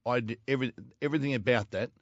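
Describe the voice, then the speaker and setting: A man's voice: medium pitch, racing, no echo. A middle-aged Australian man, a former footballer, telling a story in casual podcast chat, blunt and swearing. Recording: dull lo-fi dry sound.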